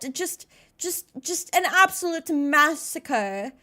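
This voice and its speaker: High-pitched young woman from the us on a live stream, chatty, giggly, pokes fun at herself. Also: expressive, measured pace, a bit bright. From United States. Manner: chatty, greets viewers by name, giggly and self-mocking. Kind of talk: casual live-stream chat.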